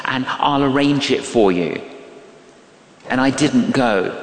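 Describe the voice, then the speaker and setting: A man preaching in a big, reverberant hall, speaking slowly and deliberately with a pitch that leaps up and down. He tells stories animatedly and acts out the voices in them. He sounds a touch distant from the mic. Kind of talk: sermon with anecdotes. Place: church or large hall. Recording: echoey hall, a little distant.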